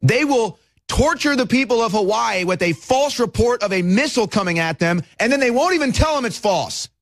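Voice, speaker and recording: A man hosting a talk radio show, delivering a fired-up political monologue that rises to shouts. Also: extremely high pitch, expressive, fairly quick, no room sound.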